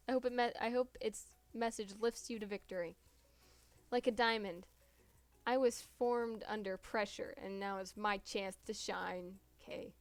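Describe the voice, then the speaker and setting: A woman's voice: a little high, no room sound. A woman streamer reading a dating-sim game's text aloud and breaking off into giggling asides.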